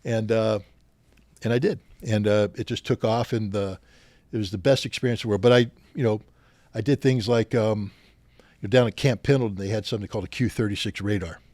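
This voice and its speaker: Older male guest, low voice, dry close sound, animated storyteller who acts out quoted dialogue. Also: brisk, no echo. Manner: animated anecdotes, acting out quoted officers. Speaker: podcast guest. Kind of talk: storytelling in a podcast interview.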